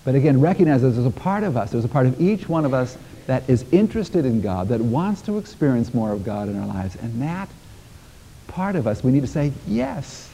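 A man's voice: medium pitch, big pitch swings, fairly quick, gravelly, dark tone, a little hiss or hum. Easygoing man preaching in a reverberant hall. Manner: conversational, chuckling, folksy asides. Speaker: minister. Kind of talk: sermon. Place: church sanctuary.

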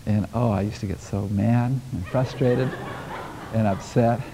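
A man's voice: on the low side, steady tone, measured pace, vocal fry, long reverb tail, background noise. A male minister giving a conversational sermon, talking casually and chuckling through folksy asides to his congregation. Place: church sanctuary.

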